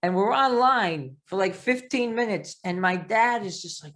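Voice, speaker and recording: A man with a thick Long Island New York accent hosting a casual interview, telling stories in a rambling, animated way. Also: high voice, normal speed, few pauses. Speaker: podcast host.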